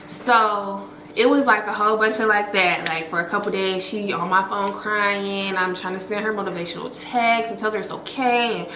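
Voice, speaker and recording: A woman's voice: medium pitch, moderate pace, hardly any pauses, echoey room, a little hiss or hum, rough recording. A woman vlogger telling a story to her viewers in a chatty, slangy, profane way, full of fillers and acted-out quotes. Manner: expressive, acts out quotes.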